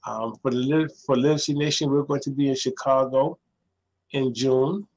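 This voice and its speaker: A middle-aged man, a librarian guest, telling stories in a lively conversational way and acting out the voices of people he quotes. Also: normal speed, poor audio. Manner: acts out quoted voices, jumping much higher. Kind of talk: animated storytelling in conversation.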